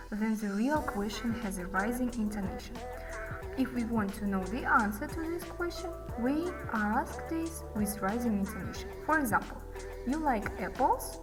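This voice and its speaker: Woman teaching, reverberant room, music behind. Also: on the high side. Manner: explains slowly, reads example sentences with exaggerated rising and falling tunes. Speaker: English phonetics teacher. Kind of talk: classroom lesson.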